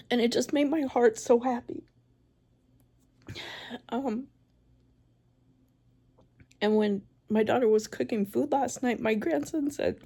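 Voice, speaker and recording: A woman in her forties giving a tearful, halting vlog, crying as she talks. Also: mid-range voice, vocal fry, mellow. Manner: tearful, halting, with many pauses and restarts. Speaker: vlogger. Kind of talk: emotional personal vlog.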